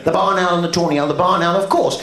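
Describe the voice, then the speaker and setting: A man's voice: high voice, fairly even intonation, fast talker, a bit bright. A man performing an absurdist stand-up comedy routine on stage, full of quizzical questioning hums. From England. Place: theatre stage. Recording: live show with roomy echo and audience noise.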